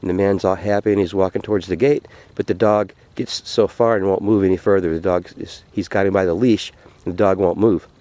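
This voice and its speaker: A man telling a folk tale in an unhurried, folksy way, repeating phrases as he goes. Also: sits low, fairly even intonation, dark tone, no room sound. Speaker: vlogger telling a story. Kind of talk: folksy spoken storytelling. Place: outdoors by a frozen lake.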